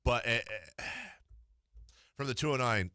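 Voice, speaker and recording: A man's voice: medium pitch, bright, forceful tone, clean tone, no room sound. A man hosting a sports radio show in a studio, trading jokes and self-mocking banter with his co-host. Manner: joking, self-mocking, quick laughs. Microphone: studio microphone.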